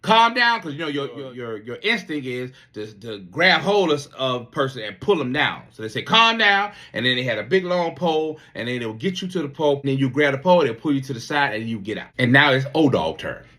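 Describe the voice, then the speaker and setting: Man, 50s, Navy veteran, casual storytelling, profane, lively pitch. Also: fairly quick, few pauses. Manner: profane, animated, repeats words.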